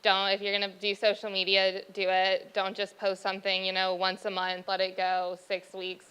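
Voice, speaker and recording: A woman's voice: mid-range voice, completely flat delivery, moderate pace, fairly bright tone, clean tone, rough recording. A young woman presenting marketing advice and teasing her uncle during a talk. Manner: teasing, upbeat. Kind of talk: presentation with banter.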